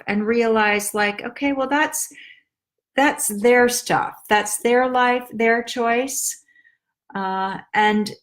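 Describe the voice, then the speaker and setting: A woman life coach giving casual advice in a calm, direct way, stretching words for emphasis. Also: on the high side.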